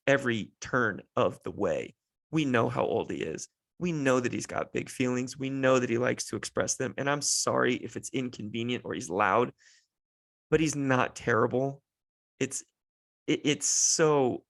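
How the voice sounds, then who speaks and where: Gravelly, weary dad venting sarcastically. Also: male voice, medium pitch, lively intonation, normal speed, dry recording. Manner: exasperated, sarcastic storytelling. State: tired, run down. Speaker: podcast host and father. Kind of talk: solo podcast monologue.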